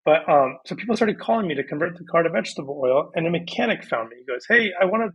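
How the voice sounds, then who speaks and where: A man in his thirties, a podcast guest on a video call, telling his story in a lively, casual way and acting out past conversations. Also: fairly high pitch, fast talker, husky, highs cut off.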